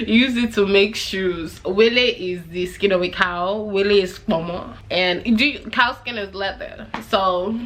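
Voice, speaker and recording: A woman's voice: medium pitch, unhurried. Chatty young woman laughing through her diary. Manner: chatty, laughs often, quotes people in animated voices. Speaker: vlogger reading her diary. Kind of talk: casual diary reading and reflection.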